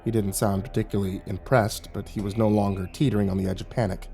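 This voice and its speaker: A man's voice: fairly low pitch, quick pace, soft background music. A man narrating a horror story in a dramatic, scripted style. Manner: dramatic, lively delivery.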